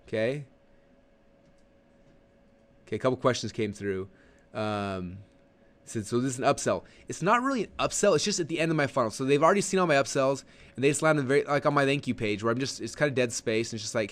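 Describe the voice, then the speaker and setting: A man hosting a live marketing webinar, talking fast at a middle pitch. He rambles, restarts his sentences, and slips into quick acted-out asides as he walks his viewers through examples. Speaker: online marketing coach.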